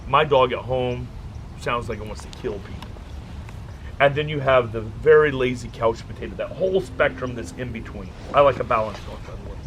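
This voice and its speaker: Man, dog trainer, casual workshop talk, jokey storyteller, noisy background. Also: mid-range voice. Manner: animated, joking storyteller.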